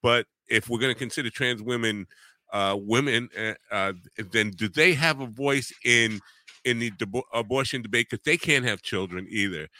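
A man co-hosting a casual talk show, thinking aloud haltingly with many restarts. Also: medium pitch, bright, forceful tone, dry recording. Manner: halting, full of restarts and ums. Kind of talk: casual chat.

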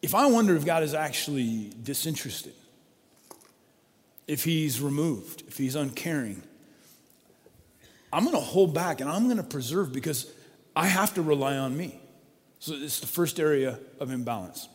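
A man's voice: fairly high pitch, expressive, moderate pace, pauses often. A man preaching a sermon in an emphatic way, repeating his key phrases. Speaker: pastor. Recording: long hall reverb.

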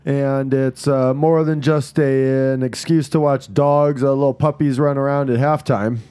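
A man co-hosting a podcast, joking casually with deadpan, mock-serious bits. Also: mid-range voice, a little slow, clear, resonant tone, no room sound. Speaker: podcast co-host. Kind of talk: casual comedic banter.

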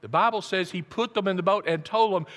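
Male pastor, fairly high, bright voice, dramatic sermon delivery, long hall reverb. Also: quick pace. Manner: dramatic storytelling, swings from hushed to loud. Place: church.

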